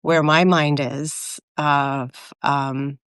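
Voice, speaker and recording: Woman in her forties, rambling reflective chat, smooth resonant voice, dry close sound. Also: sits low, steady tone, extremely slow, a bit bright, no room sound. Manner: rambling and reflective, many fillers and restarts. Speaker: co-host of a live video chat. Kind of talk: casual chat.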